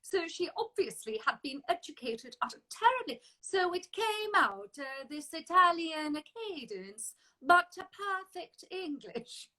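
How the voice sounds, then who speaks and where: A woman hosting a casual interview, with a high voice and a bright, ringing tone. She is chatty and expressive and often laughs along as she talks. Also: a little slow, hardly any pauses, poor audio. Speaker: interview host.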